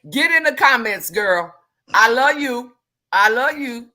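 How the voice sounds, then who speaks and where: A woman hosting a live stream, talking in a calm, measured way and repeating herself to stress her points. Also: fairly high pitch.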